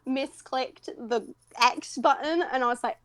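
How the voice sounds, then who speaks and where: In a dry recording, a young British woman who voice-acts talks a little slowly in a high-pitched voice during a casual interview. She rambles, laughs a lot and is self-deprecating, with a British English accent.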